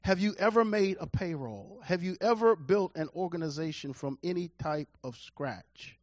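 A pastor with a high-pitched male voice preaches with force, repeating his points and rising from hushed to loud. The sound is dry, with no room echo, and slightly dull and muffled. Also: moderate pace. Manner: emphatic preaching, repeats key phrases, swings from quiet to loud. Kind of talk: sermon.

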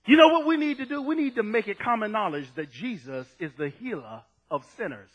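A man preaching a fervent sermon, dropping low and then shouting as he acts out scripture. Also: lively intonation, brisk, lo-fi sound.

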